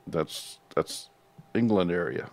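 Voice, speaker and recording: A man's voice: sits low, takes it slowly. A man co-hosting a casual livestream, making folksy, musing asides. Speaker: co-host of a homestead livestream. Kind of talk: casual live chat.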